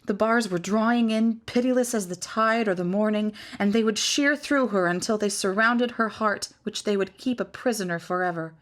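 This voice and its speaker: A woman reading a fantasy novel aloud in a measured, expressive storytelling manner. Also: mid-range voice. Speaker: reader.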